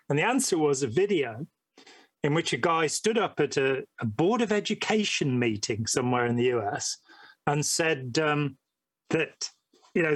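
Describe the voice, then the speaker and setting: A man's voice: on the high side, no echo. A man talking casually as a podcast guest, telling stories in a rambling way with many fillers. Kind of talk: casual conversation.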